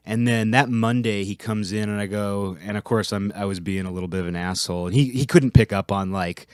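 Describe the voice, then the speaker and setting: Low-voiced man rambling dryly. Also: no echo, clean studio sound. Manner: rambling, self-interrupting, profane asides. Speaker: host. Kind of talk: casual monologue.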